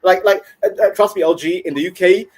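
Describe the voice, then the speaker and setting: London-accented male guest, playful, stammering, fairly high voice. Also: fast. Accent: London English. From London, of Somali descent. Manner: stammering repeats, playful teasing. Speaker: panel guest. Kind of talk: casual chat.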